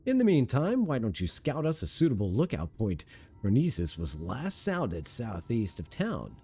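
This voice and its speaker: A man's voice: mid-range voice, huge pitch swings, moderate pace, mellow, slightly rough, exaggerated voice. A man reading aloud the lines of a plain-spoken male adventurer companion from a video game, in his own everyday voice. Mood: matter-of-fact.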